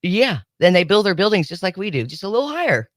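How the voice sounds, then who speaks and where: A woman's voice: medium pitch, sing-song, fast talker, dry recording, clean studio sound. Wry woman bantering on radio. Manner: wry, sarcastic, chatty. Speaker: radio show host. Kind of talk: casual morning radio banter. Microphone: studio microphone.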